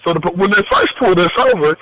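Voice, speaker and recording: Bright animated male storyteller. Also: fast, poor audio. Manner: lively, swings pitch when quoting people, profane. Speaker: guest.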